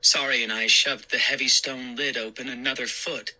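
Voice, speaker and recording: A man narrating a scary story in a slow, deliberate, suspenseful way. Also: medium pitch, fairly even intonation, sharp tone, low-quality recording. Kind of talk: scripted horror story narration.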